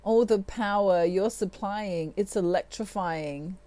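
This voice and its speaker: Woman tarot reader, middle-aged, unhurried delivery, soft dark tone, frequent laughs. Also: medium pitch. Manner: laughs often, acts out quotes. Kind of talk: tarot reading monologue.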